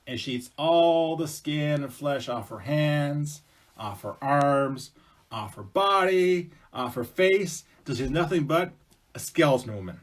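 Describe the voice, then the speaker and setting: A man's voice: on the high side, expressive, unhurried. A man telling a folk tale to a school audience in a casual, chatty way with asides to the listener. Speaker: storyteller presenting to schools. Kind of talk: casual oral storytelling.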